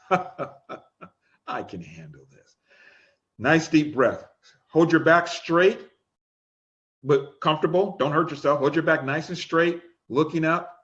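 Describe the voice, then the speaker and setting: A man leading a coaching class, energetic and coaxing, repeating instructions and laughing often. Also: a little high, measured pace, lo-fi sound. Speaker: life coach. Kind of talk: live-streamed coaching class.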